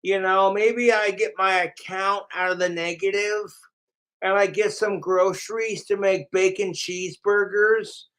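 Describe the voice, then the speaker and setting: A man's voice: high-pitched, fairly even intonation, a little slow, a bit bright, rough recording. A man ranting casually to camera, profane and mocking about his trolls. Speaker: vlogger.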